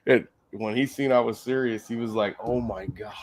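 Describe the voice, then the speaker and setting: A man's voice: medium pitch, fairly quick, hardly any pauses. A man with a Southern US accent hosting a casual live stream from his workshop, telling stories with lots of cursing and laughter. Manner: profane, laughing storyteller. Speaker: shop host.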